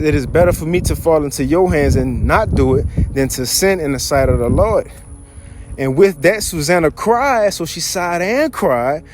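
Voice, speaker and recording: A man giving casual scripture teaching, reading verses aloud and then retelling them in loose slang, animated and quick to chuckle. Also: a little high. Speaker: bible teacher.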